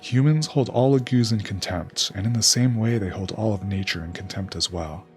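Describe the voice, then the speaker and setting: A man's voice: on the low side, normal speed, faint music behind, close to an everyday voice. A man reading out a sly, scheming male raven king from a game's dialogue.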